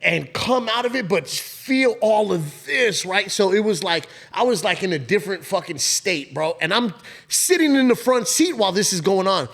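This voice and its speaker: A man's voice: sits high, normal speed. A man telling a long story in casual podcast chat, swearing freely and laughing often. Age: adult with a father-in-law and kids. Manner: animated, profane storytelling with bursts of laughter. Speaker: podcast co-host.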